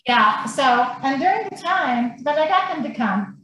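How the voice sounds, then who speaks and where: Woman, high voice, animated blunt storyteller, swears, very echoey room, faint background noise. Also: moderate pace. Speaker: podcast guest. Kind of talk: casual storytelling.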